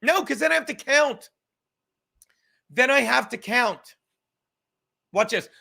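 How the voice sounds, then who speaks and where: A man hosting a livestream podcast, rambling loudly and swearing as he reads chat comments. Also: very high-pitched, expressive, takes it slowly, creaky. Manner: loud, rambling, profane, reading chat comments aloud. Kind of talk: casual chat.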